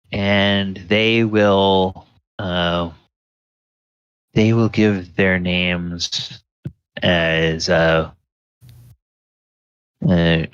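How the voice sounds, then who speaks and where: A man narrating a tabletop game as dungeon master, describing the scene in a halting way full of fillers. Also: low-pitched, a bit bright, clear, resonant tone, no echo, lo-fi sound.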